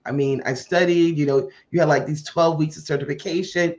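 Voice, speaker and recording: A woman hosting a podcast tells a personal story in a casual way and acts out the dialogue with lively voices. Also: sits low, a little fast. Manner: animated, acts out quoted dialogue. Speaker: podcast host. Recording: muffled lo-fi audio.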